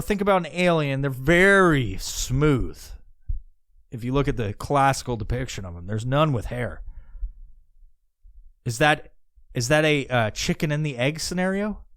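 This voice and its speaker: A man's voice: on the high side, fairly bright tone, no room sound, studio quality. A man hosting a podcast, rambling casually in profane talk with many restarts. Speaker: podcast host.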